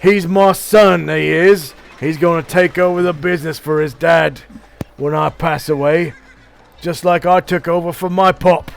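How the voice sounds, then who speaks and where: A man voicing a large, gruff male blacksmith, hearty and full of swearing. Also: on the high side, fairly even intonation, measured pace, faint music behind.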